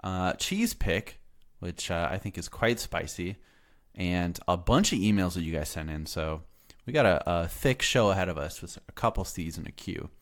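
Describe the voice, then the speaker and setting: A man's voice: sits low, very animated, normal speed, a bit bright. A man hosting a gaming podcast in a loose, joking casual chat, laughing easily with his co-hosts. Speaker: podcast host.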